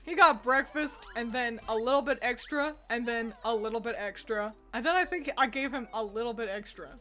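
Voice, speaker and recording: Young woman streamer, slightly high voice, loose chatty delivery with casual swearing, desk mic at home with faint game music behind. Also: brisk, a bit bright. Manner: chatty and playful, swears freely, talks to her cat. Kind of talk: casual gaming commentary. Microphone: desk microphone.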